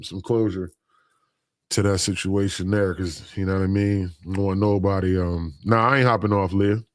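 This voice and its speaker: Male streamer; low, dry voice; chats laid-back with viewers, teasing and laughing. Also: no echo. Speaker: livestream host. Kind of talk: casual livestream chat, reading comments aloud.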